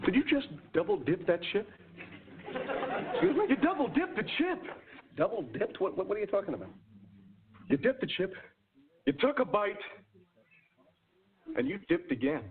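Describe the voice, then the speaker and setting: A husky, incredulous sitcom character. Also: male voice, high-pitched, very animated, normal speed, pauses often, heavily acted. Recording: tinny phone-like playback with faint crowd.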